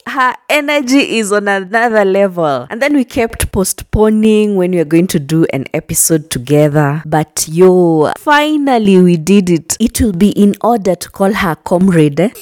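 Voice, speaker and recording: A woman's voice: mid-range voice, no room sound, clean studio sound. Chatty woman hosting a podcast. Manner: chatty and animated, laughs often. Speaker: podcast host. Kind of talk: casual podcast recap.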